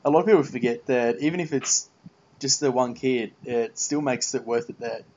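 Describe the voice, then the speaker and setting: A man's voice: mid-range voice, normal speed, darkish tone, a little hiss or hum. A man hosting a podcast, talking earnestly and rambling a little in casual chat. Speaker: podcast host. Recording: dull muffled podcast audio.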